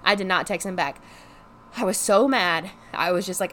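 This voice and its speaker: A young woman telling a frustrated storytime vlog in casual chat, animated and exasperated, swearing freely and saying "like" constantly. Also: on the low side, moderate pace. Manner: heavy use of "like" as filler. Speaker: vlogger.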